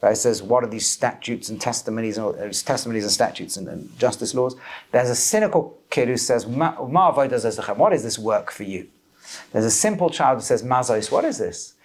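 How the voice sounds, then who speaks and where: A man teaching a lively class as a rabbi, questioning his students and mixing Hebrew terms into English. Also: mid-range voice, a little fast. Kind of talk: lively Torah class lecture.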